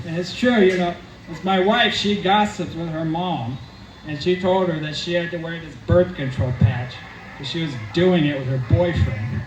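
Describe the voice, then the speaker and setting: A man rambling through a comic story in an awkward, oblivious deadpan, recorded in a roomy space from a distant mic. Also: on the high side, normal speed. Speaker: comedy character vlogger. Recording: roomy, distant mic, faint background hum.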